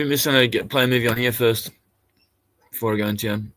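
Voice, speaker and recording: A man's voice: medium pitch, steady tone, fast talker, a bit bright, dry recording. An Australian man chatting casually on a live stream, rambling and laid-back, swearing now and then.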